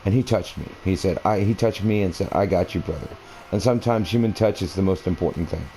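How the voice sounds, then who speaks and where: Low, dark-voiced man telling a long story. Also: fast, a little hiss or hum, poor audio. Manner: meandering, conversational, many fillers and restarts. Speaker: gaming video creator. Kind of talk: rambling personal storytelling over gameplay. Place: at home, playing a console game.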